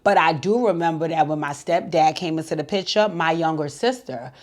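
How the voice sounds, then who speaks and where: A woman's voice: deep voice, brisk. A woman giving a casual, candid recap of a reality TV episode, chatty and freely swearing. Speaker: reality TV show reviewer.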